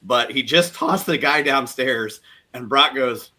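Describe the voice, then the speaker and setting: A man co-hosting a podcast in casual chat, excited and stumbling over repeated words as he retells scenes. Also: mid-range voice, a little slow. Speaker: podcast co-host.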